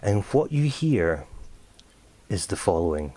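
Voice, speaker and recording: A man running a tabletop game as game master, telling the scene in an animated way and often breaking into laughter. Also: low-pitched, measured pace, slight background noise. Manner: animated storytelling with sudden laughs.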